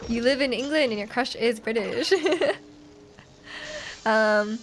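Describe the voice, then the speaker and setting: A young woman live-streaming a video game, giggling, reacting excitedly and teasing her chat as she plays. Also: on the high side, takes it slowly. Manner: reads chat aloud and teases viewers. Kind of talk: casual live game stream, chatting with viewers. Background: faint game music.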